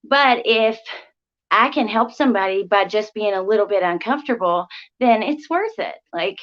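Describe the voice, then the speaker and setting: A woman's voice: mid-range voice, animated, normal speed, a bit bright. A young woman hosting a casual livestream, rambling through viewer comments with lots of ums and likes. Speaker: livestream host. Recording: slightly dull lo-fi audio.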